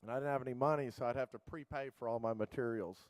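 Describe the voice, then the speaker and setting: Man, middle-aged, keynote speaker, rambling casual anecdotes, lots of fillers, smooth resonant voice, dry sound. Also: medium pitch, steady tone, quick pace, no echo, rough recording. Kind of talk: conference keynote storytelling.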